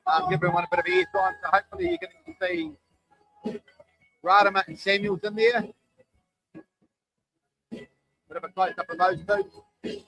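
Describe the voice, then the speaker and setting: A middle-aged shearing commentator gives live, chatty sports commentary, tired after a long day and calling out running tallies. His voice is high-pitched, bright and forceful with a steady tone, moderately paced with frequent pauses. The audio is poor, with clear music behind him.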